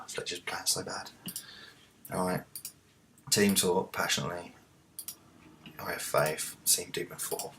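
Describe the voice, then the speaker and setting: Deep-voiced man calling a game. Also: a little hiss or hum. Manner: talks to the players, swings from muttering to excited shouts. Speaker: let's play host. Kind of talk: live game commentary.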